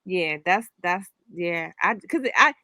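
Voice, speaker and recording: A woman's voice: lowish voice, lively intonation, unhurried, pushed and bright, dry recording. A woman hosting a casual reaction chat, telling stories in a rambling way with many restarts. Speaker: host.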